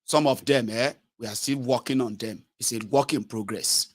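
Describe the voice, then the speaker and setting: A man's voice: fairly even intonation, moderate pace. A Nigerian man hosting a political talk show, speaking in English and Pidgin and mimicking other people's voices as he talks. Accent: Nigerian English with Pidgin and Yoruba. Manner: mimics callers in high voices, switches between English, Pidgin and Yoruba. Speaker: political commentator, channel host. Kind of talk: animated political monologue.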